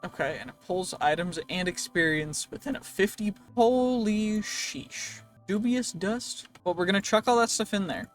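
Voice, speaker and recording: A man's voice: high voice, brisk, few pauses, a bit bright, soft background music. A man hosting a let's play, talking to himself in a rambling, playful way as he goes, his voice a bit worn. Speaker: gaming channel host.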